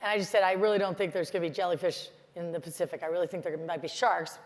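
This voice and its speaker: A middle-aged American woman telling stories in a lively, chatty motivational conference talk. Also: lowish voice, fast talker. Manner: storytelling, animated, chatty with many "like"s. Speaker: keynote speaker. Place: large conference hall. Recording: hall reverb from a stage mic.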